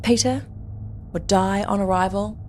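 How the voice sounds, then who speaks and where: A woman's voice: medium pitch, a little slow, slight background noise. A woman co-hosting a podcast, telling a true-crime story in a casual, joking way and slipping into voices. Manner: animated, joking, slips into character voices.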